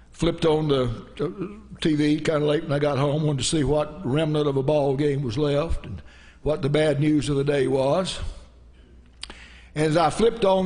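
In a church, a male pastor preaches a sermon with folksy storytelling, sprinkling in frequent amens. His voice sits on the high side with a darkish tone.

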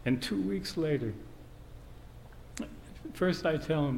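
A man's voice: a little high, lively intonation, slow, gravelly, a little mellow. A man preaching a sermon, telling a family story and quoting scripture in an earnest way. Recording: reverberant hall, faint background noise.

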